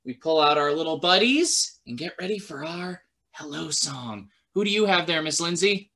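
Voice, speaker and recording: A young man leading a baby storytime at a library, talking slowly in a sing-song way and breaking into high cheers. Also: expressive, bright, forceful tone. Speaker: children's librarian.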